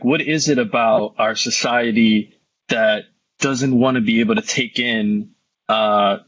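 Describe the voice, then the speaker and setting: A man with a bright but husky voice keeps a panel moving. He affirms each point casually before tossing out the next question. The audio is dull and lo-fi. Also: mid-range voice. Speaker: panel moderator. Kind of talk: candid panel discussion.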